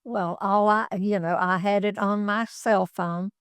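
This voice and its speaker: A woman's voice: mid-range voice, fairly even intonation, a little slow, clean tone, no echo. An older woman, a former executive assistant, telling rambling, folksy anecdotes in an office interview. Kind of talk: casual storytelling.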